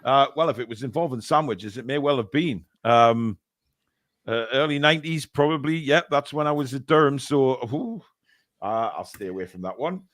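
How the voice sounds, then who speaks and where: A man's voice: medium pitch, animated, moderate pace, a bit bright, no echo, studio quality. A man in his fifties hosting a live stream, rambling through comments with many fillers and restarts. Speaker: host. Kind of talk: live stream chat, reading viewer comments.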